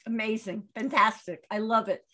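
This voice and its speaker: A woman with a higher voice hosts a casual interview. She heaps praise on her guest and then asks long, rambling questions. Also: pushed and bright. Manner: effusive, quick praise before long questions. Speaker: interview host.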